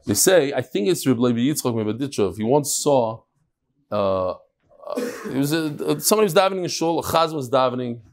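A man hosting a daily Talmud class, animated, thinking aloud and putting questions to the room. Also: medium pitch, brisk. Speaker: Talmud teacher and host. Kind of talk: daily Talmud class before a live audience.

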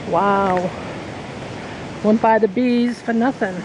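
Woman vlogger, chatty and easily excited, fairly high voice, traffic noise behind her outdoors. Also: unhurried, pauses often, low-quality recording. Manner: excitable, exclaims often. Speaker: nature vlogger. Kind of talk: casual outdoor vlog narration. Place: outdoors by a river and roadside.

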